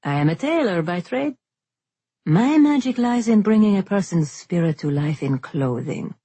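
Lady reading as a polished proud guildmaster guy, higher voice, husky, dry close sound. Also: animated, normal speed, warm tone, no echo. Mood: polite. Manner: courteous, smoothly proud. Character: polite genteel male silk guildmaster.

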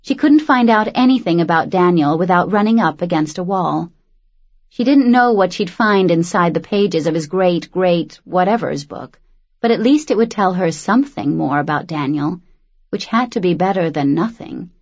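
A woman narrating a novel as an audiobook, reading in a measured, steady way on a dull lo-fi recording. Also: lowish voice. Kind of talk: scripted narration.

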